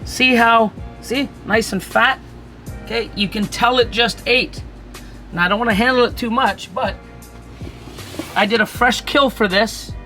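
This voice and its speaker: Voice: mid-range voice, fairly even intonation, measured pace, long pauses, pushed and bright, soft background music. A ball python breeder giving a casual hands-on feeding demonstration, chatty and reassuring, with mock-panicked asides, indoors beside snake enclosures.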